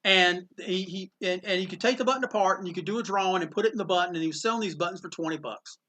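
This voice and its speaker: A middle-aged man from North Carolina spins comic-convention anecdotes in a casual interview. His voice sits high and bright. He slips into the people he quotes as he talks. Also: rapid-fire. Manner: animated anecdotes with acted-out quotes. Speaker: comic shop owner. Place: inside his comic shop.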